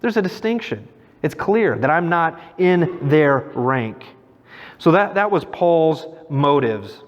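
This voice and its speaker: A man's voice: on the high side, very animated, slow. A middle-aged man preaching a sermon in a conversational way, mixing scripture with personal stories. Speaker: pastor. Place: church sanctuary. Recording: dull sound with long church reverb.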